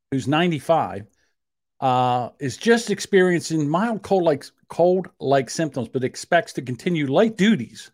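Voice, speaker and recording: Male co-host, casual podcast banter, animated and bit high-pitched, laughs a lot. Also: no room sound, clean studio sound. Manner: rambling, jokey, laughs often.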